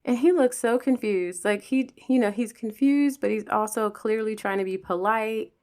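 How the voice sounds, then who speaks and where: A woman from Pennsylvania hosting a podcast, telling personal stories in a casual, animated way, swearing freely and acting out the people involved. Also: a little high, moderate pace. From Pennsylvania, USA. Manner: animated, profane, acts out the people in her stories. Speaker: podcast host. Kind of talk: casual storytelling monologue.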